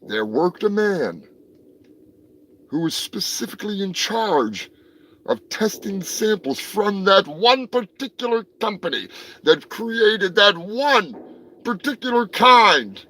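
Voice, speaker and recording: A man hosting a crude comedic news show, rambling profanely and breaking into shouted bits. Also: sits high, rough recording. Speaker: host.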